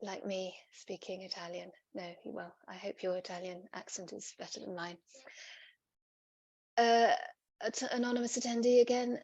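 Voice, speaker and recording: A woman's voice: mid-range voice, steady tone, moderate pace, gravelly, a little mellow, husky, lo-fi sound. A woman presenting on a video call, reading out audience questions and answering them patiently. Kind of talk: online webinar Q&A.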